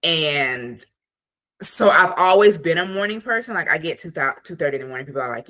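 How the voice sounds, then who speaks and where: A woman guest, an attorney and productivity coach, chatting casually on a podcast with lots of "like" and animated asides. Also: deep voice, brisk. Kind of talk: casual interview chat.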